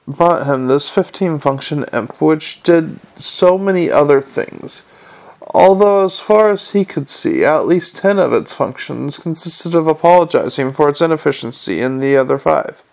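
A man narrating a storybook in a wry, even reading manner. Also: fairly high pitch, unhurried, vocal fry. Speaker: audiobook narrator.

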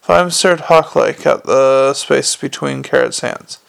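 A man narrating a novel aloud, reading the prose and voicing each character's dialogue in a measured storytelling manner. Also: mid-range voice, gravelly, clean tone. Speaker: audiobook narrator.

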